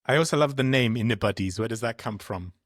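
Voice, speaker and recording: A man's voice: medium pitch, fast, dry recording, clean studio sound. A man hosting a podcast interview, enthusiastic, upbeat and chatty. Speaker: podcast host.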